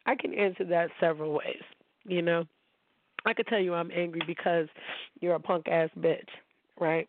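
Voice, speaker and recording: A woman's voice: lowish voice, a little slow, pauses often, no room sound. A woman hosting a casual monologue, talking in a blunt, profane and heated way. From Kalamazoo, Michigan. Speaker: show host. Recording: tinny phone-like sound, dry.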